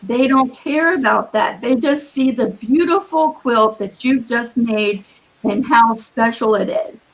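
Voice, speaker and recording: A woman giving earnest, encouraging quilting advice as a guest on a live video call, with a husky morning voice. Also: fairly high pitch, a little slow, low-quality recording. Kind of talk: live-streamed advice talk.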